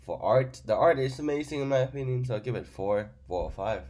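A man with a fairly low voice who is sick, talking through a card review. He rambles with many fillers and uses grammar. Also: normal speed, a little mellow. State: sick, stuffy voice.

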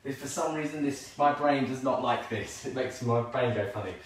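A man's voice: mid-range voice, normal speed, distant mic. A man teaching a live line dance class from home, upbeat and calling counts in rhythm while he dances. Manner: upbeat, calls counts rhythmically, jokes about himself. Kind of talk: live online dance lesson. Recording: very echoey room, voice off-mic, faint noise.

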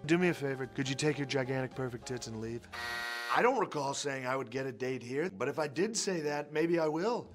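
A man's voice: mid-range voice, expressive, a little fast, music in the background, voice pushed down, natural voice. A man playing a boastful, crude male president in a comedy sketch, rambling and insulting everyone around him.

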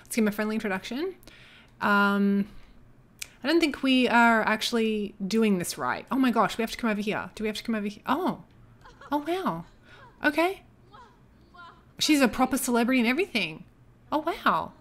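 A young woman chatting casually as she comments on her life-simulation gameplay, excitable and joking as she reacts. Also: fairly high pitch, normal speed, pauses often. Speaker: gaming YouTuber.

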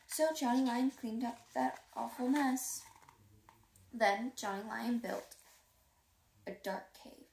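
Woman reading a kids book out loud, high voice, bit of fry, echoey room. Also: takes it slowly, recorded from a distance. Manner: lively, plays up sound words and dialogue. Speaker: reader. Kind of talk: children's storybook read-aloud.

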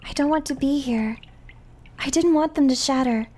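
A woman's voice: sits high, moderate pace, darkish tone, slight background noise, close to an everyday voice. Woman doing a frightened little girl. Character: frightened young girl, fragile and despairing.

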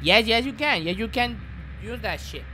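Excitable high-voiced swearing woman streamer. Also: moderate pace, faint music behind. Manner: excitable, swearing, yelling at teammates. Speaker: streamer playing a game. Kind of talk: live game commentary.

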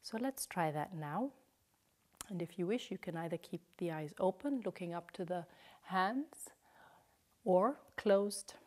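A woman guiding a yoga class, speaking slowly and soothingly, with some cues whispered. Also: lowish voice, lively intonation, darkish tone. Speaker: yoga teacher. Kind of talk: guided yoga instruction.

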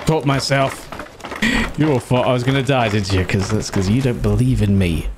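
A young man giving gameplay commentary as a streamer, excitable and swearing at the game as he plays. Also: mid-range voice, normal speed, background noise.

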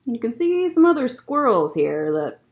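At a public library story time, a young children's librarian talks with little kids and reads them a picture book. Her voice is fairly high and her pace normal, with a lively, bouncy manner throughout.

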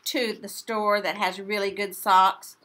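A woman voicing an excited little girl in a picture book read-aloud, loud and pleading. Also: medium pitch, measured pace, noisy background, lightly acted. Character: excited little girl wanting new socks.

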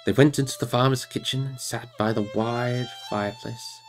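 A man reading a novel aloud on a livestream in an expressive, animated way. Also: medium pitch, moderate pace, soft background music. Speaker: reader.

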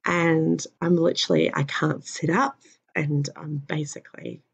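Weary low-voiced woman, gravelly and husky. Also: steady tone. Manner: halting, with many pauses and fillers. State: tired and in pain. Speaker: vlogger. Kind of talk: personal health update vlog. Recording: dull lo-fi recording.

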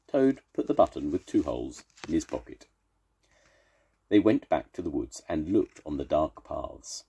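An older man, a grandfather, reading a children's storybook aloud, slow and expressive. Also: rumbling low, creaky, husky. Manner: slow, expressive read-aloud with warm sign-offs.

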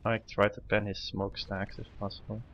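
A man's voice: fairly low pitch, completely flat delivery, fairly quick. A man in a casual gaming chat, giving dry, matter-of-fact advice to his teammate. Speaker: gamer co-host. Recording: dull lo-fi mic.

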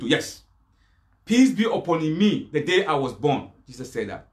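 A man's voice: sits high, sing-song, normal speed, a bit bright. A man preaching a live religious rebuttal, arguing through repeated rhetorical questions. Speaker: Muslim preacher. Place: Yonkers live stream.

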